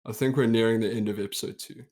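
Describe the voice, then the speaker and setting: A young man with a South African accent, co-hosting a podcast in relaxed, reflective chat and laughing easily. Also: fairly low pitch, fast. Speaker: podcast co-host. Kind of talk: casual chat.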